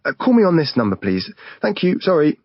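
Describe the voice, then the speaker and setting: A man's voice: fairly high pitch, huge pitch swings, brisk, dry recording, pitched above the performer's own voice, full character voice. Man doing a flustered stammering young guy. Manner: hesitant, stammering, overeager. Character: flustered young man making awkward calls. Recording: dull lo-fi recording.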